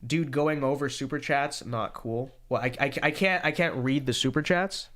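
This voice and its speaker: At a medium pitch and normal speed, with hardly any pauses and a slightly bright tone, a young man hosts a podcast livestream. He reads super chats and chats casually, cracking sarcastic jokes and repeating catchphrases, sounding tired yet talkative.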